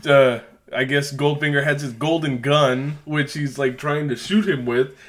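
A man's voice: a little high, fairly even intonation, unhurried, a bit bright. A man co-hosting a casual movie recap chat, joking wryly and laughing along. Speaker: podcast co-host.

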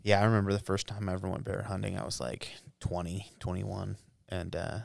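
Lively storytelling man on a podcast. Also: sits low, brisk, gravelly, dry recording, clean studio sound. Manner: animated storyteller, laughs often, swears casually. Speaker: podcast co-host. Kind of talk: casual chat.

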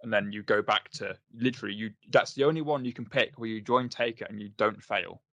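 Low-voiced, hesitant male co-host. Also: a little fast, vocal fry, fairly bright tone, no echo. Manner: hesitant recounting with many fillers. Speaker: podcast co-host. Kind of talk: casual chat.

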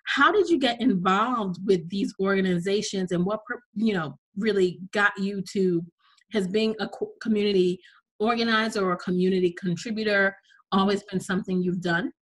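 A woman's voice: medium pitch, normal speed, poor audio. A woman hosting an interview podcast, enthusiastic and effusive, with a slight cough. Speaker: podcast host.

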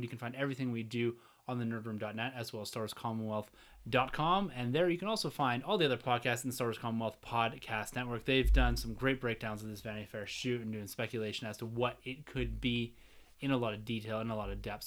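Man, podcast host, casual chat, upbeat, middle pitch. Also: a bit bright. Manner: upbeat, runs the discussion and outro.

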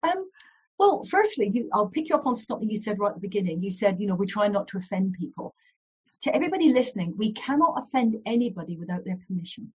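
A woman psychologist giving an interview, explaining ideas and acting out short dialogues in an animated way. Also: mid-range voice, fast talker, husky. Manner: animated, acts out little dialogues. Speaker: psychologist guest. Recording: phone-like remote call audio.

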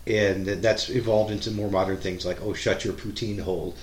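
A man's voice: fairly low pitch, fairly even intonation, fairly quick, distant mic, a little hiss or hum. A man chatting casually and telling rambling anecdotes. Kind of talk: casual chat. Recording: echoey room with faint ambience.

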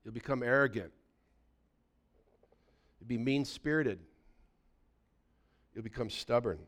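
A man's voice: mid-range voice, takes it slowly, a bit bright. A pastor in his sixties preaching a sermon in a conversational storytelling way, often checking in with his listeners.

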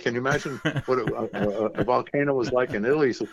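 A man, a guest author, telling family anecdotes in an animated way and acting out the voices of relatives. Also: mid-range voice, very fast, gravelly, highs cut off.

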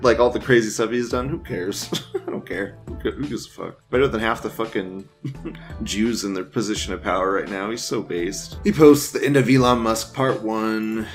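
A man giving casual, crude and profane commentary as he reads out forum posts, laid-back and chuckling. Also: on the low side. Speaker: streamer reading forum posts.

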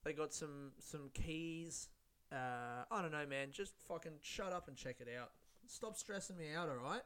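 On his own studio-style podcast mic, a host rambles in a relaxed way, full of profanity and self-deprecation. His voice is on the high side, a bit bright, and a little slow.

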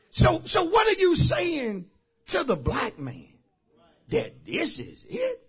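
A man preaching a sermon as pastor. He drives his points with shouted phrases and repeated calls to the congregation. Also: very high-pitched, huge pitch swings, takes it slowly. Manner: emphatic call-and-response preaching, shouting key phrases. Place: church service.

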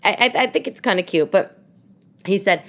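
A woman with a New York accent hosting a casual podcast chat from her living room, telling stories in an animated, expressive way. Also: medium pitch, normal speed. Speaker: podcast host.

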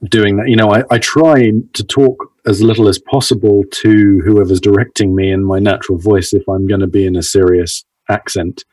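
A man from London with a received-pronunciation British accent, chatting as a guest on a podcast. He speaks in a low voice, loosely and with plenty of ums. He sounds a bit far from the mic, in a dry room. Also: normal speed, few pauses, no echo. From London, England. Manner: relaxed, hesitant, with many ums. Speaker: voice actor guest. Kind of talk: casual podcast interview.

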